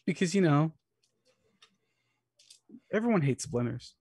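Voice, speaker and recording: A man's voice: a little high, lively intonation, a little slow, darkish tone, husky, dry recording. A man playing a tabletop game, describing his moves with dry, self-deprecating humor. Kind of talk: casual play.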